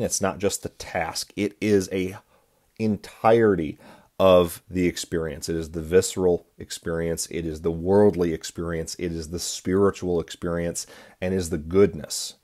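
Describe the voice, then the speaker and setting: A man with a low voice hosts a solo podcast monologue. He talks in an earnest, sermon-like way and often restarts his phrases. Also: a little mellow. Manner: earnest, preachy, repeats and restarts words. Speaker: podcast host.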